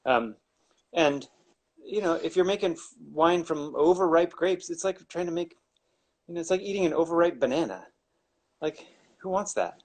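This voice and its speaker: A man's voice: a little high, animated, normal speed, long pauses, a little mellow. A man, a winemaker, explaining wine making in a casual, rambling way with wry asides and many restarts.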